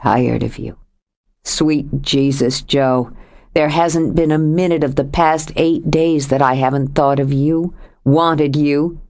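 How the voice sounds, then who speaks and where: A woman voicing a grave, earnest man. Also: takes it slowly. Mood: earnest, pleading. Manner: low, steady, earnest. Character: troubled grown man confessing to his lover. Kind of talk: audiobook character voice.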